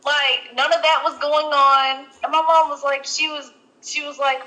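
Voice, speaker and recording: High-pitched and sharp, with a level tone at normal speed, a young adult woman co-hosts a podcast in a rough recording. Her casual storytelling rambles, full of "like" and restarts.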